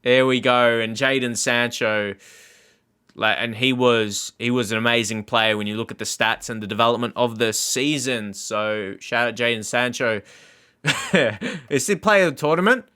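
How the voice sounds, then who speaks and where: A man talks through his game in loose, rambling commentary, laughing often between thoughts. His voice has a bright, forward edge that stays even in tone. He speaks directly to his viewers like a regular channel host. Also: medium pitch, unhurried, clean tone. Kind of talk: casual gameplay commentary.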